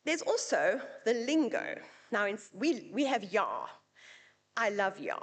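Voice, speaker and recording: A woman's voice: mid-range voice, sing-song, takes it slowly. A South African woman with a South African accent, giving a chatty, anecdotal conference presentation at a university event. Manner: chatty, anecdotal, lightly humorous.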